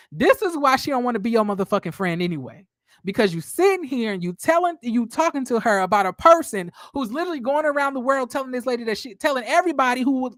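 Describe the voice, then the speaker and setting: A woman in a casual video blog, recapping a reality TV episode with blunt, profane, animated storytelling. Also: on the high side, no room sound, clean studio sound. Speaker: reaction commentator.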